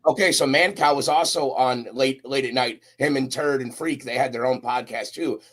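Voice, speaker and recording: A man's voice: mid-range voice, normal speed, fairly bright tone. A young man, a guest on a podcast, chatting casually with lots of slang and storytelling. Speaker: guest, roofing company recruiter.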